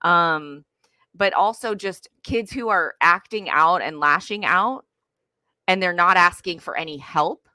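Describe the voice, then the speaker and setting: A woman's voice: fairly low pitch, a little slow, pushed and bright, dry recording. A woman giving earnest parenting advice in casual conversation, with many fillers like "um" and "like".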